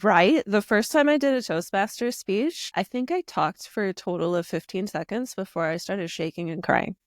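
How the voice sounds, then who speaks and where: A woman hosting a podcast in a casual conversation, reflective and chatty, with frequent soft affirmations. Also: mid-range voice, normal speed, no room sound, studio quality. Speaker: podcast host.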